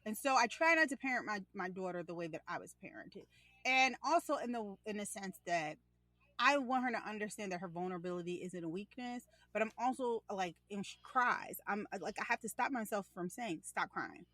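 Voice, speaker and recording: A young woman in casual conversation as a podcast co-host, telling animated stories and acting out her child's lines. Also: mid-range voice, a little fast, dry recording.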